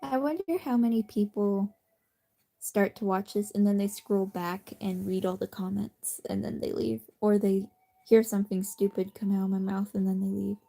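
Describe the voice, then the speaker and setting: A woman chatting casually on a late-night phone livestream from her bed, rambling and self-deprecating, sometimes dropping to a soft whisper. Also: mid-range voice, steady tone, normal speed, gravelly. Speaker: streamer. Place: cozy bedroom at night.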